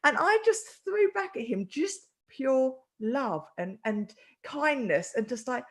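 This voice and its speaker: A woman's voice: sits high, slow pace. A woman hosting a casual chat, telling a story animatedly and acting out the voices in it. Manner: animated storyteller, acts out quotes. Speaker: host.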